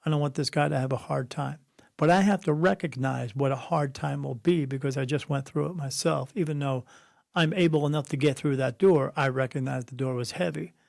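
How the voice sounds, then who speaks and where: A middle-aged spirit medium, slightly high-voiced and fairly quick, speaks with vocal fry and a darkish tone. In a conversational interview he tells blunt, preachy stories, acting out quoted people's voices. The recording is dry and clean, from a studio.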